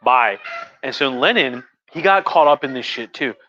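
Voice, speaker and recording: Medium in pitch and animated, this man talks at a normal speed, with a little hiss or hum on dull, muffled audio. He's the host of a casual history livestream from home, tipsy on wine, crude and profane, and rambling with frequent restarts.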